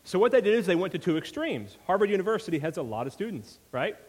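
Sing-song and fast, this pastor's high voice is a little mellow with a breathy edge. He preaches conversationally, often tossing in "right?" to check on his listeners, while a large hall's long reverb fills the recording.

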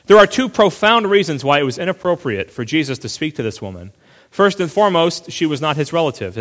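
Guy preaching casually in a church, lots of asides, kinda high voice, hall echo. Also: a bit bright. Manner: conversational, with asides and restarts. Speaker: pastor. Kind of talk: sermon.

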